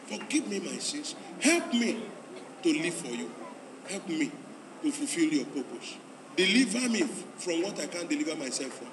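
A man, a pastor at a church convention, leading an altar call and a prayer, repeating his urgent calls to come forward. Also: a little high. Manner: repetitive, urging, rising to loud pleading calls. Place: large church hall at a convention. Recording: echoey hall, distant mic, crowd noise.

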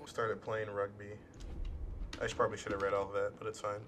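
Speaking fairly quickly in a fairly low voice, this young man delivers his lines completely flat. He hosts a gaming channel and gives casual let's play commentary, swearing often, making sarcastic jokes, and talking back at the game's characters.

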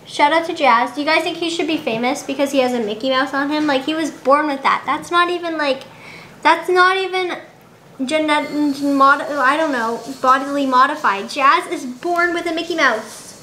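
A woman's voice: high voice, moderate pace, bright, forceful tone, a little hiss or hum. A young woman vlogging at home, chatting to the camera in a dramatic, giggly way. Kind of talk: casual chat to camera. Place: indoors at home. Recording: roomy home recording.

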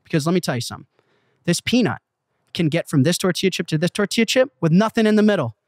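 A man as an interview guest, telling a story with excitable, profane emphasis in a casual way. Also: sits high, fast talker. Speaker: interview guest, company CEO. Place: Malibu.

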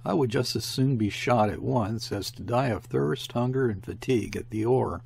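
A man's voice: medium pitch, normal speed, creaky, darkish tone, slightly rough. A man reading the part of a desperate, bitter convict who is rowing a boat.

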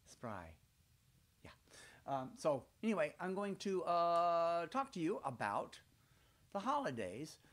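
This older man from Georgia, USA, speaks with a Southern accent as he tells children folksy, playful stories at his fireplace. His voice sits fairly high and swings widely in pitch, and he talks in an unhurried, chatty, rambling way.

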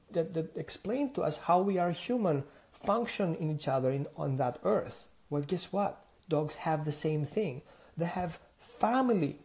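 A Mediterranean man who trains dogs delivers a lively instructional monologue packed with rhetorical questions and acted-out exchanges. His voice sits high.

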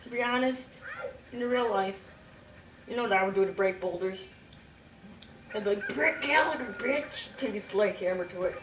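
A woman's voice: mid-range voice, steady tone, noisy background. A woman teasing her friend in casual banter over a game. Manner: teasing, quick quips. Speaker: co-host friend. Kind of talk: casual let's-play banter. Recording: roomy, distant, game music behind.

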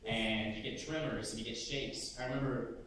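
A man sharing personal stories on a lecture panel, candid and joking, talking quickly at times. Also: medium pitch, steady tone, a bit bright, a little hiss or hum. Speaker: student panelist. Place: large lecture hall. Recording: echoey hall, mic from far off.

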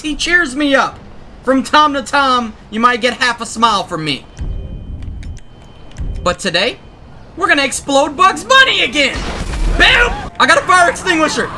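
Give me a young man narrating his gameplay in a high, bright, lively voice. He talks with excitable energy and often breaks into shouts and laughs. A faint hiss sits under the voice. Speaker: gaming YouTuber. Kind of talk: gameplay commentary.

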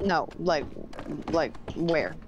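A woman's voice: sits low, expressive, takes it slowly, lo-fi sound, background noise. A woman playing a game with a friend, joking and playfully repeating herself to tease her. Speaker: gaming friend. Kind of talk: casual gameplay chat.

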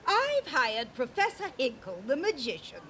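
A woman's voice: sits high, wildly swooping pitch, unhurried, a bit bright, slight background noise, exaggerated voice. A woman voicing a prim schoolteacher giving firm instructions to her class in a cartoon. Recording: cartoon soundtrack.

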